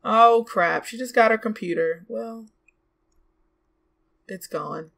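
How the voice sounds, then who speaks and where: A young woman giving casual let's play commentary, chatty and exclamatory, bossing her game characters around out loud and gasping and laughing easily. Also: fairly high pitch, vocal fry. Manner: chatty, scolds and coaxes the game characters aloud; exclamatory, quick to gasp and laugh. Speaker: gaming YouTuber.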